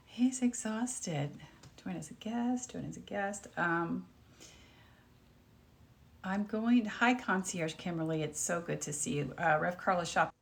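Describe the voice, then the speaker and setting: A woman's voice: lowish voice, unhurried, vocal fry, a little hiss or hum. A woman reverend hosting a casual live stream, greeting viewers by name and chatting while she eats lunch. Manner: talks while eating lunch. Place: at home with her dog.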